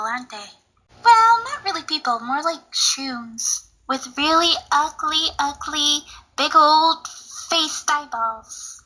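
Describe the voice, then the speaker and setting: A woman's voice: high voice, bright, forceful tone, rough recording. A woman acting in a comedic fan parody, teasing and rambling. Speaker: parody voice actor.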